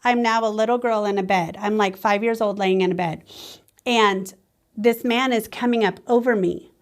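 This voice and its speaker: Animated woman telling a story. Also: mid-range voice, moderate pace. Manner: animated, acts out the voices in her stories. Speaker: small-business owner guest. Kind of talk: storytelling in a podcast interview.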